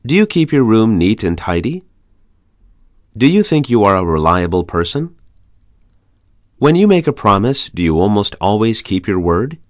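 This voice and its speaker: A man reading English conversation practice questions aloud in a measured, even way. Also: fairly low pitch, no room sound, clean studio sound. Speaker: English lesson reader.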